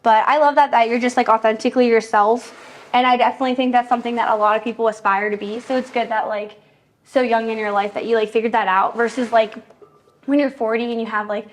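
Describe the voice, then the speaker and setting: Young woman host, winded from a workout, rambling chatty delivery, slightly high voice. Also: steady tone, fast. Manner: chatty, lots of "like" fillers. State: out of breath. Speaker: podcast host. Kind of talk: casual chat while working out.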